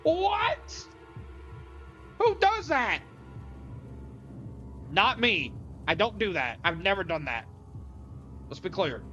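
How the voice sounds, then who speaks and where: A woman's voice: lowish voice, big pitch swings, pushed and bright, muffled recording, soft background music, pitched below the performer's own voice, heavily acted. A woman playing a sarcastic, foul-mouthed young hostage. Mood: incredulous. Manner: sarcastic, profane, fast-talking.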